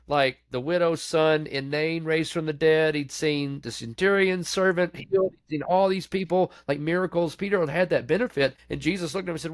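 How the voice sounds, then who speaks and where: A man's voice: a little fast, hardly any pauses, no room sound, clean studio sound. A man, a pastor, telling his story of grief and faith candidly in a podcast interview, in a plain conversational way. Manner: candid, conversational, acts out quoted voices; falls quiet and low when recounting grief.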